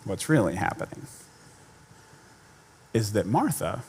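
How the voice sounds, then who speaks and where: A man's voice: fairly low pitch, very animated, measured pace, a little mellow, a little hiss or hum. A man giving a sermon in a conversational way, with self-deprecating humor and repeated points for emphasis. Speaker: pastor.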